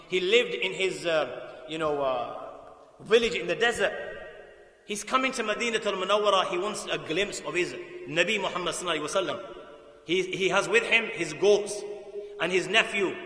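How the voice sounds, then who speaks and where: A man preaching a sermon to young listeners, telling stories with passion, swinging from loud bursts to quiet drops. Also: high-pitched. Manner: impassioned, emphatic storytelling with sudden loud bursts and quiet drops. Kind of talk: sermon storytelling to youth. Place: mosque hall. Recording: echoey mosque hall.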